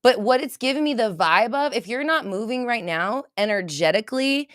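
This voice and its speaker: Bright, rambling woman on a livestream. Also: on the high side, animated, moderate pace, no room sound, clean studio sound. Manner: rambling, swears freely, bursts into loud laughter. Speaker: livestream host doing intuitive readings. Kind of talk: casual livestream chat.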